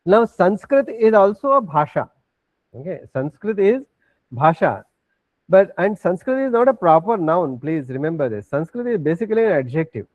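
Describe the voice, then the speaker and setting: A man's voice: a little high, dry recording. A man teaching an online class, explaining step by step and checking in often with "okay". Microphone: video call. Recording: tinny phone-like online call audio.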